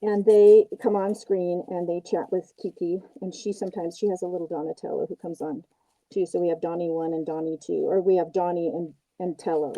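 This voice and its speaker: Her voice is fairly low and dark, with fairly even intonation and a fairly quick pace, though the audio is poor. She's an older puppet maker running a livestream, talking casually, teasing herself and narrating the puppet she's building. The setting goes from an outdoor porch to her home workshop.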